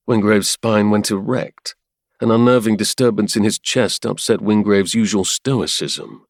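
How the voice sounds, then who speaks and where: Male audiobook narrator, low and measured, dry studio sound. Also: no room sound. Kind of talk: scripted narration.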